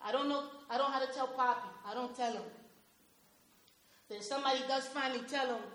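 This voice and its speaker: A woman's voice: high voice, a little fast, a bit bright. A woman playing a tough young Nuyorican man. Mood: scornful. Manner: tough, confrontational street talk mixed with Spanish. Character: streetwise young Puerto Rican man from Brooklyn, hardened and bitter. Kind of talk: dramatic monologue.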